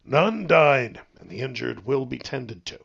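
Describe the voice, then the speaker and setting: A man's voice: medium pitch, lively intonation, a little slow, vocal fry, fairly bright tone, husky, highs cut off, exaggerated voice. A man voicing an exuberant, powerful male immortal mentor who speaks in a grand, formal way. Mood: calm.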